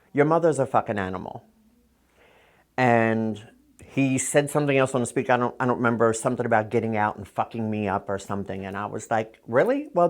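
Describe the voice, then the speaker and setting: A woman's voice: extremely low pitch, darkish tone. A middle-aged woman from Philadelphia, a trans activist telling her own story in a blunt, candid interview, swearing freely and acting out what others said.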